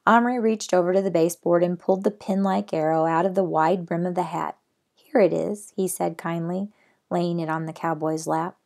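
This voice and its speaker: A woman's voice: lowish voice, steady tone, fairly quick. A middle-aged woman reading a children's novel aloud, then chatting about the chapter. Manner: gentle, plain reading, chatty afterward. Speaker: storybook reader.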